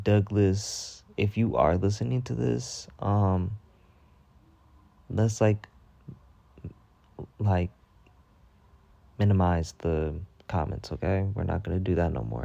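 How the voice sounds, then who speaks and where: A man's voice: sits low, creaky, no echo. A man telling a storytime vlog, venting heatedly with lots of swearing. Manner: heated, profane, animated venting. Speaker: storytime vlogger. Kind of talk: ranting storytime monologue.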